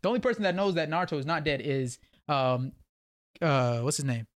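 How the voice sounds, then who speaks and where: A man hosting a podcast, recapping a story in lively slang and acting out quotes in a casual chat. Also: a little high, a little fast. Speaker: podcast host.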